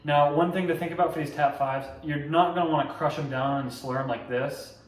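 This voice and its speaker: Young male drumline tutor, relaxed step-by-step delivery, distant mic in a roomy space with loud noise behind. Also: fairly high pitch, brisk. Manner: relaxed, explains step by step, scats drum rhythms. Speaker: drumline instructor. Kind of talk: casual instructional tutorial.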